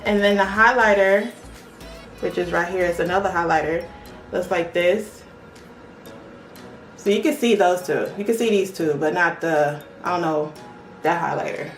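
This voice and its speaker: A young woman chatting casually as a beauty vlogger, excitable and talking straight to her viewers. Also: fairly low pitch, moderate pace, long pauses. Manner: chatty and excitable, often addresses the viewers directly. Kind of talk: casual unboxing chat. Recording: echoey room with faint background music.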